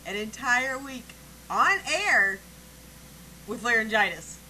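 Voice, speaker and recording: A woman's voice: a little high, big pitch swings, slow pace, bright, forceful tone, a little hiss or hum, low-quality recording. A woman hosting an online talk show, easygoing and laughing along with her guest. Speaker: host; former morning radio host. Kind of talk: casual chat.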